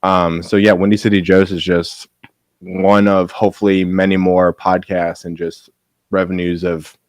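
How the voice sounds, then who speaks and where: Brief: deep male voice, rambling upbeat guest, dry close mic. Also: level tone, normal speed, dry recording. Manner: filler-heavy, upbeat, lots of "like". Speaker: podcast guest. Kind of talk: casual chat.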